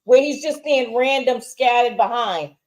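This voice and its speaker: A woman co-hosting a casual TV review, chatting conversationally, pushing back on points and trading quick replies. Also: a little high. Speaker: co-host. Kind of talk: casual spoiler review chat.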